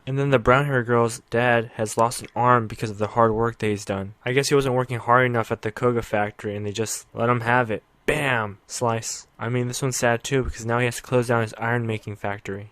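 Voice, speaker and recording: A man's voice: mid-range voice, no echo. A young man giving a casual anime episode recap in a blunt, profane way. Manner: blunt and profane, quick-talking. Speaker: anime reviewer.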